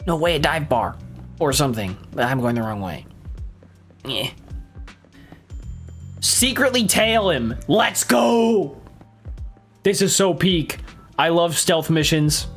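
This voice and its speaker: A man streaming a video game with casual, excitable commentary, swearing and laughing often. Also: on the high side, measured pace, long pauses. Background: faint game music.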